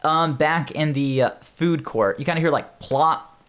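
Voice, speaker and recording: A man's voice: on the high side, measured pace, a bit bright, clean tone. A man narrating as game master in a tabletop game, playful and often laughing.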